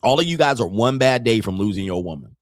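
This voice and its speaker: A man's voice: on the low side, lively intonation, quick pace, dry recording, clean studio sound. A man hosting a livestream, reading chat messages aloud and giving blunt, preachy commentary in a casual, slangy way that repeats itself.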